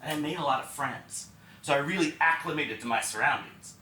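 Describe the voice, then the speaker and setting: A man from Texas performing a one-man stage show, telling stories in an animated, conversational way in a roomy theater. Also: on the high side, brisk, distant mic, slight background noise. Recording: roomy theater with faint ambience.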